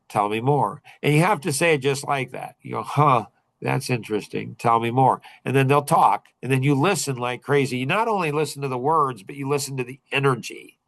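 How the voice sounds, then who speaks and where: A man's voice: medium pitch, a bit bright, dry recording, poor audio. Rambling middle-aged man, dry close sound. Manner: rambling, with many fillers and restarts. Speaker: podcast host and coach. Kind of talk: casual talk to a small group.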